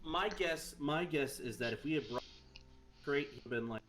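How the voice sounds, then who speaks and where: Bright-voiced man reasoning aloud. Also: fairly high pitch, normal speed. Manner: reasoning aloud, repeats words. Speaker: player. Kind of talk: casual chat at a game table.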